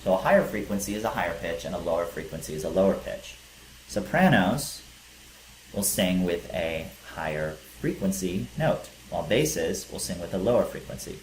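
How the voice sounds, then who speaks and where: A man's voice: low-pitched, animated, moderate pace. A male teacher giving a physics lecture, explaining step by step with some fillers. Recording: echoey room with faint hiss.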